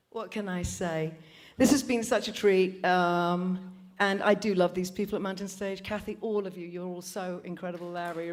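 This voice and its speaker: A woman singer joking with a concert audience between songs in a cheeky, theatrical, self-mocking way. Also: mid-range voice. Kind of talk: live stage banter between songs. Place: theatre stage at a live radio concert. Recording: live concert recording with band and cheering crowd. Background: band instruments and audience applause.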